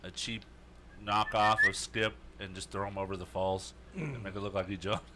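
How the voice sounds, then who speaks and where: A man's voice: on the low side, little pitch movement, normal speed, heavy background noise. A man co-hosting a podcast, laid-back and joking in casual chat. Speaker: podcast co-host.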